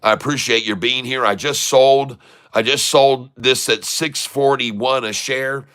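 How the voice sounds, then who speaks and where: A man giving live commentary on his day trades, excitable and repetitive, calling out to viewers and breaking into chants. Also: medium pitch, unhurried, smooth. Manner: repetitive, keeps addressing viewers as folks and ladies and gentlemen. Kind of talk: live trading commentary over a chart.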